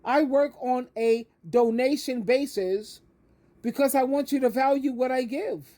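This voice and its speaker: A woman's voice: high voice, measured pace, warm tone. An older woman, an advice coach, giving an emphatic, preachy monologue that repeats words for stress and calls the listener honey. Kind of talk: direct-to-camera monologue.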